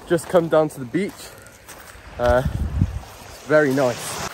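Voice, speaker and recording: Young male travel vlogger, breathless and excitable, swears freely, phone mic with clear wind and outdoor noise. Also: a little high, slow. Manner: excitable, swears often, talks to camera. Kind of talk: casual vlog while running outdoors. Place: outdoors on rocky coast and beach. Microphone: phone held while moving.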